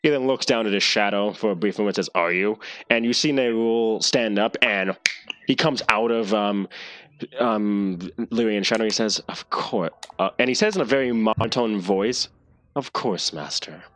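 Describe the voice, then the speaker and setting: Low-voiced man running a tabletop game. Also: moderate pace, fairly bright tone. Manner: hesitant, restarts often. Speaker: game master.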